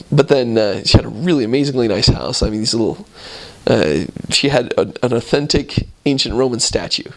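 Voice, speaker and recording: A man casually telling a story, animated and laughing often as he goes. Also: medium pitch, rough recording.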